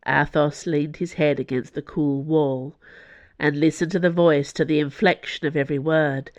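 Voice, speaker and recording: A narrator reading an audiobook in an even, close storytelling voice, with quiet, lowered asides. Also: normal speed, no room sound.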